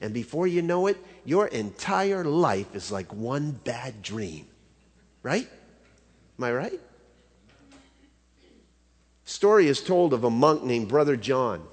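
A man's voice: mid-range voice, big pitch swings, slow pace, long pauses, slightly rough. A man preaching a sermon as a pastor, in a conversational way that keeps asking the audience rhetorical questions. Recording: reverberant hall.

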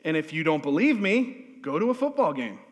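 A male pastor preaching a lively, humorous sermon in a church, drawing responses from the congregation. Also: fairly high pitch, a little fast. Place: church sanctuary. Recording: long hall reverb.

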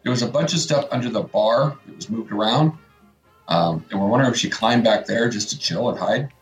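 A man's voice: lowish voice, a little fast, roomy sound, faint music behind. A middle-aged man co-hosting a morning radio show, telling a rambling story in casual chat and acting out what his family said.

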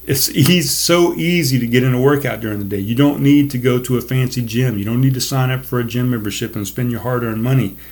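A man's voice: mid-range voice, fairly quick, a little mellow. A middle-aged man hosting his own podcast from a desk, ranting in a fired-up, profane, motivational way. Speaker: podcast host. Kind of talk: casual solo podcast rant. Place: home desk.

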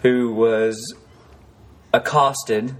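A man's voice: mid-range voice, fairly even intonation, extremely slow. A man co-hosting a podcast in casual banter, needling his partner and often laughing. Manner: laughing, needling, prone to giggles. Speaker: podcast co-host.

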